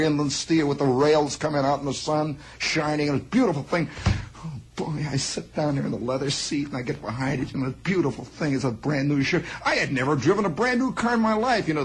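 A man telling a long personal story in a spoken monologue, rambling and animated, acting out sounds. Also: fairly high pitch, normal speed, slightly rough, rough recording.

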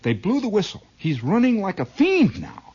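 A man's voice: high-pitched, huge pitch swings, moderate pace, darkish tone, husky. A man telling a comic story as a dramatic monologue, adding his own sound effects, on a dull lo-fi recording. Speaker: comedian.

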